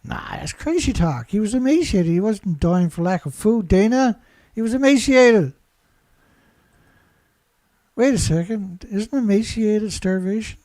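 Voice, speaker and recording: High-voiced man, mocking and sarcastic. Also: expressive, a little slow, warm tone, dry recording. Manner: mocking, laughing, rhetorical questions. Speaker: environmental commentator. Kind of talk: sarcastic solo commentary.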